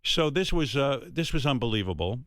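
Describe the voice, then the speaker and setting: A man's voice: medium pitch, sing-song, brisk, a bit bright, no room sound, studio quality. A man in his sixties hosting a radio talk show, speaking earnestly and heartfelt, rambling with many restarts.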